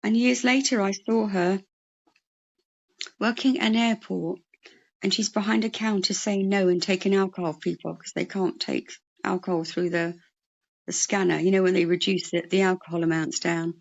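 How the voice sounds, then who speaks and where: A woman, a comedian and mental health worker, telling lively anecdotes in an interview. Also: medium pitch, moderate pace, vocal fry, highs cut off. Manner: animated anecdotal storyteller. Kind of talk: storytelling interview chat.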